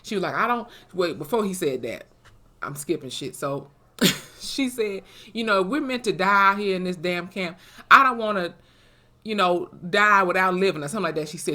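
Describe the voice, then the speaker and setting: A woman with a slightly low voice talks through a TV episode in a loose, chatty recap. She tells the story with plenty of swearing and jumps into the characters' dialogue as she goes. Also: brisk. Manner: animated, profane storytelling that acts out quoted dialogue. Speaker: TV episode reviewer.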